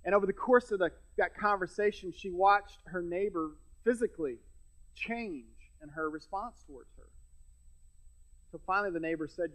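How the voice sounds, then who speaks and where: A man's voice: high voice, normal speed, fairly bright tone, rough recording. A middle-aged man preaching a sermon as pastor, conversational with self-deprecating humor and frequent restarts. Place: church sanctuary.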